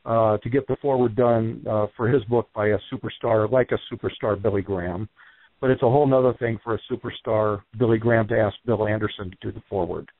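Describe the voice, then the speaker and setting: Phoning in to a casual radio interview, a wrestling trainer with a lowish voice talks fast and rambles through animated stories full of fillers. The tinny line has no room sound and is dry.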